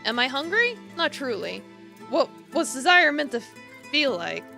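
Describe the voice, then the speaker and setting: A woman streamer reading a horror visual novel aloud in a theatrical way, swinging between hushed and emphatic lines. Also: high voice, very animated, normal speed, vocal fry, faint music behind.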